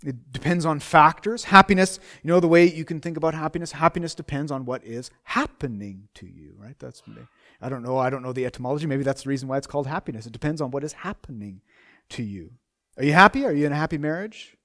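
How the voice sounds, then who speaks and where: A man's voice: medium pitch, fast, fairly bright tone. A middle-aged man preaching a sermon in a conversational way, repeating phrases and asking rhetorical questions.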